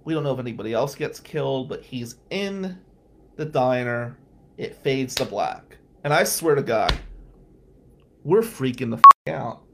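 A middle-aged attorney from Atlantic City, New Jersey, hosts a podcast, delivering a casual monologue of profane, ranting stories while sounding exhausted. His mid-range voice is animated, measured in pace, pushed and bright with vocal fry, and there's slight background noise.

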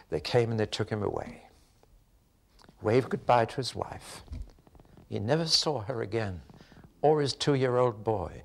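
An older man preaching a sermon, telling stories earnestly, rising to emphatic peaks and dropping to hushed, quiet lines. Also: lowish voice. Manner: earnest storytelling with emphatic rises and hushed drops.

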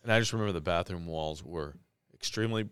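Smooth-voiced man in laid-back chat. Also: low voice, quick pace, fairly bright tone, dry recording, studio quality. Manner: laughing, self-deprecating storyteller. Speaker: podcast co-host. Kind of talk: casual chat.

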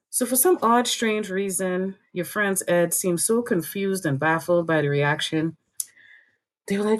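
A woman's voice: medium pitch, lively intonation, normal speed. Blunt, profane woman telling it straight. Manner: blunt, profane, storytelling with rhetorical questions. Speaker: podcast panelist. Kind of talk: heated political commentary.

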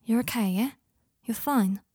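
A woman reading an audiobook voices a calm young man who talks softly and steadily. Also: fairly high pitch, a little slow, husky, no echo, studio quality. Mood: soothing. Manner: soft, level, reassuring. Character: calm, soothing young man, quietly controlling.

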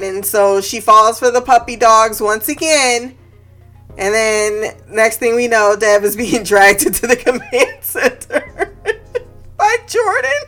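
A woman's voice: fairly high pitch, animated, slow, a bit bright, soft background music. A woman hosting a podcast in a casual chat, recapping a TV episode. She laughs often, swears freely and goes off on tangents.

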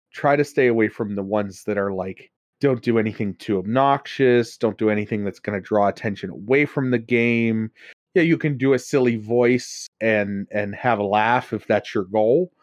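A man's voice: fairly low pitch, no echo. A man from Pennsylvania co-hosting a casual chat, rambling and often laughing between thoughts. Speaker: podcast co-host.

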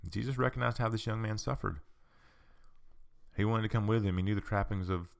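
A man's voice: on the low side, brisk, vocal fry. A man hosting a podcast, giving a conversational teaching talk and repeating his points for emphasis. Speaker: podcast host.

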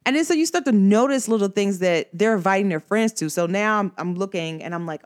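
A woman rants to her audience in a casual, conversational monologue. She talks in an emphatic, slangy way and speaks straight to the listener. Her pitch swings widely as she makes her points. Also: expressive, fairly quick, few pauses. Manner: emphatic, slangy and conversational, addresses viewers directly. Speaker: vlogger.

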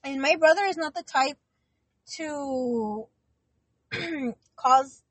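A woman's voice: sits high, very slow, fairly bright tone, no echo. A young woman co-hosting a podcast, telling a story in rambling casual chat with lots of fillers. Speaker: podcast co-host.

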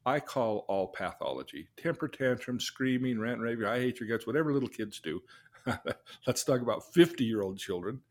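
A middle-aged man, a father and podcast host, explaining ideas in an earnest teaching way and slowing down to stress points. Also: mid-range voice, expressive. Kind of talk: casual advice talk.

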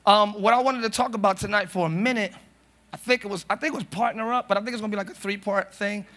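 High, bright-voiced male pastor preaching. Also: fairly even intonation, fast talker. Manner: conversational, jokey, bursts into shouts. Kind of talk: live sermon. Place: church sanctuary.

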